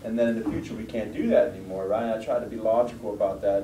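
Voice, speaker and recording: Mellow-voiced man preaching from afar. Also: fairly even intonation, quick pace. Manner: conversational, asks the listeners questions. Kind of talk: sermon with a personal story. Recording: roomy, distant mic, faint rumble.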